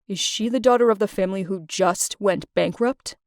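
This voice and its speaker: A woman's voice: mid-range voice, moderate pace, darkish tone, no echo, clean studio sound, pitched below the performer's own voice, natural voice. A woman voicing a snobbish, domineering middle-aged rich father who talks down to people in a commanding, contemptuous way.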